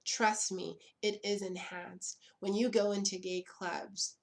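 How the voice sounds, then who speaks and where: Slow, emphatic trans woman vlogger. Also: mid-range voice, level tone, gravelly. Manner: emphatic, repeats lines for effect, blunt and profane. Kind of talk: impassioned direct-to-camera commentary.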